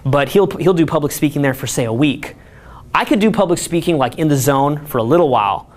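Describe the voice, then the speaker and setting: A man giving an energetic, rambling seminar talk full of filler words. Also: on the high side, a little fast. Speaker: seminar coach. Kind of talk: casual live seminar talk.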